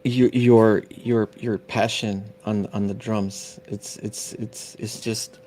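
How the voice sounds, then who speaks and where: A man praising a drummer in a halting way, repeating his words as he goes. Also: lowish voice, flat delivery, mellow.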